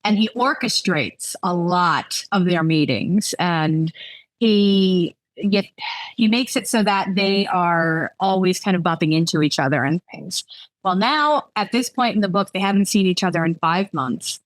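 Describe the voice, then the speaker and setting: A woman author with a fairly low voice, chatting candidly and reading from her own novel. She is self-deprecating and laughs easily, and the sound is dry and close with no room echo. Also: measured pace. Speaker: romance author.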